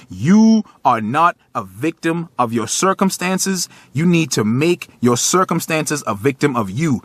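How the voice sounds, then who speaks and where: A man in his thirties, his voice a little high and fairly bright, speaks straight to the camera in a raw, profane motivational monologue. He's tearful and at times gets choked up. There's no echo in the recording.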